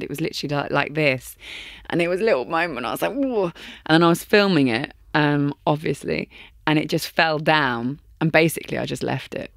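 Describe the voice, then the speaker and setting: A woman, co-hosting a podcast in casual chat, upbeat and quick to laugh. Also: low-pitched, gravelly, no room sound, studio quality. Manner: upbeat, laughs easily, reads out listener questions. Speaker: podcast co-host, sports presenter.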